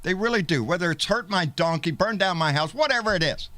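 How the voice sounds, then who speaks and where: A man's voice: high voice, expressive, quick pace, bright, forceful tone, no echo. A middle-aged man, hosting a live show and angrily ranting, profane and taunting, hurling insults. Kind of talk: angry live-stream rant.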